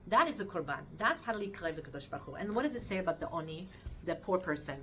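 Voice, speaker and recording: Bright-voiced woman teaching Torah. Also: lowish voice, fast, a little hiss or hum. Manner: earnest and animated, weaving in Hebrew terms; speaks directly to listeners with questions. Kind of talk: weekly Torah portion talk.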